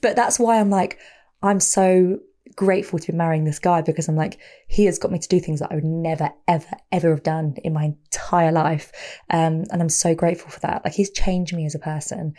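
A woman's voice: deep voice, steady tone, warm tone. Chatty young woman telling stories. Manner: chatty storyteller, quick laughs, acts out voices in anecdotes. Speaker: guest. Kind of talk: casual podcast chat.

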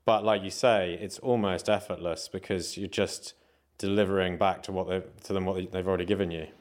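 A man's voice: low-pitched, steady tone, brisk. A man hosting the conversation, reflecting thoughtfully on what his guest says. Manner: reflective, thinks aloud. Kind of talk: conversational interview.

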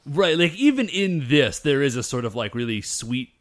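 A man co-hosting a casual chat, excitedly retelling an episode and acting out the characters' lines. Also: medium pitch, fairly quick. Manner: animated, acts out characters' lines while retelling. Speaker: podcast co-host. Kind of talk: casual chat recapping a show.

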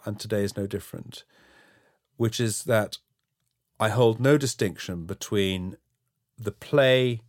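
Frank, measured middle-aged man, lowish voice. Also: no room sound, studio quality. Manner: frank, measured, with frequent restarts. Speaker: interview guest, housing developer. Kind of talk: reflective interview answers.

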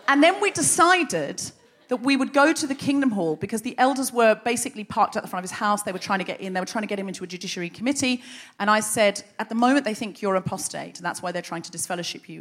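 A woman's voice: mid-range voice, fairly bright tone. Wry woman telling a story on stage. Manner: brisk, wry storytelling with dry asides. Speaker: host. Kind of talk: live comic storytelling. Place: live stage before an audience.

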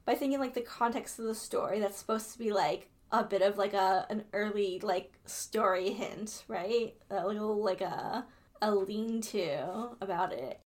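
A woman's voice: mid-range voice, normal speed. A woman co-hosting a book-club podcast in casual chat, enthusiastic and full of "like", floating her own theories. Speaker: podcast co-host.

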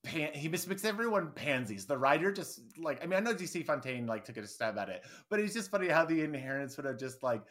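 A man's voice: fairly high pitch, expressive, fast, hardly any pauses, fairly bright tone. A man co-hosting a podcast, rambling in a laid-back way and laughing often. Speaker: podcast co-host. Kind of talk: casual recap chat.

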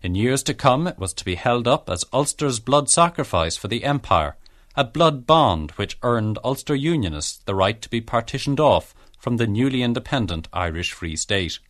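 A man narrates a history documentary from a script, measured and explanatory. His pitch moves expressively through each sentence, and the recording is close and dry, with no room sound. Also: big pitch swings, a bit bright, dry recording.

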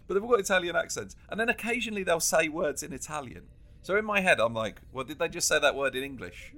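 A man co-hosting a casual comedy chat, animated and laughing often as he riffs. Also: on the high side, fast. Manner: animated, laughs often, acts out quoted lines. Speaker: podcast co-host.

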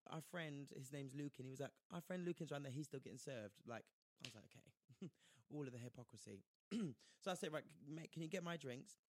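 A man's voice: medium pitch, brisk, no room sound, clean studio sound. A man telling a story in casual chat, acting out the people he quotes. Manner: animated, acts out quoted voices, slangy.

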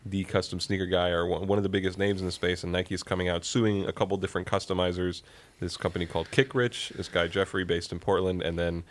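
A deep-voiced man co-hosting a relaxed podcast, talking fast. He asks teasing, joking questions and then turns to more serious ones. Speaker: podcast co-host. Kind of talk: casual podcast chat.

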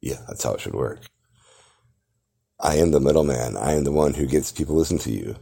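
A man's voice: rumbling low, brisk, vocal fry, mellow, husky. A man hosting a podcast, delivering a grandiose, theatrical monologue that lectures the listener. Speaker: podcast host. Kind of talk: grandiose self-promoting monologue.

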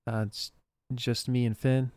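A man's voice: medium pitch, little pitch movement, measured pace, a little mellow, no echo, studio quality, natural voice. Man voicing a wary young shopkeeper woman.

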